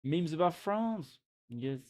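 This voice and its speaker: A man's voice: a little high, very animated, slow pace, darkish tone. Young male streamer, casual live reaction chat, irreverent, talks to chat from a home desk mic. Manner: reads memes aloud and comments with laughs and swearing.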